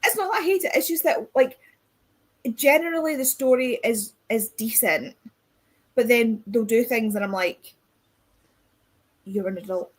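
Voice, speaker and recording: A woman's voice: on the high side, moderate pace, low-quality recording. A young woman chatting with friends on a video call, sarcastic and sweary, mocking book characters. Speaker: guest on a book stream. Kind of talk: casual chat with friends.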